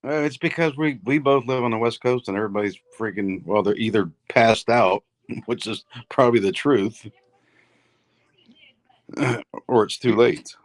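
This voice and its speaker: A man's voice: medium pitch, normal speed, no echo. A middle-aged man co-hosting a casual chat over a video call. He laughs a lot and cuts in to tease the others. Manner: laughs often, interrupts and teases. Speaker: co-host.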